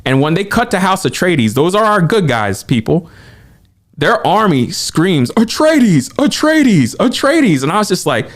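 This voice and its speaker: A man co-hosting a podcast, talking quickly and excitedly in casual movie chat and acting out quotes as he goes. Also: a little high. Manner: excited, animated retelling with quoted asides. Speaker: podcast co-host.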